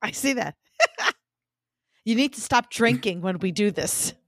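A woman's voice: medium pitch, lively intonation, a little slow, dry recording. A woman co-hosting a podcast, chatting casually with dry jokes. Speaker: podcast co-host. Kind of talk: casual chat.

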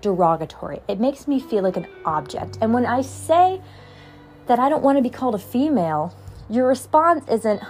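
A woman's voice: fairly high pitch, sing-song, moderate pace, darkish tone, soft background music. A young woman hosting a podcast, talking in a frustrated, heated casual monologue. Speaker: podcast host.

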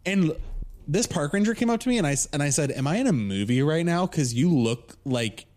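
Lively, animated man telling a story. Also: on the high side, a little fast. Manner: animated, laughing storyteller with many "like"s. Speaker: podcast co-host. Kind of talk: casual storytelling chat.

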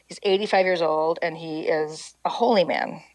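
A woman telling a story in casual chat, lively and animated, acting out quotes. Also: normal speed, no room sound, poor audio. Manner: lively, acts out quotes in a higher voice. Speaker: storyteller guest.

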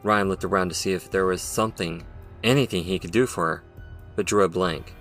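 A man giving a measured, dramatic scripted narration of a story. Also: deep voice, a bit bright, soft background music. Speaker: audiobook narrator.

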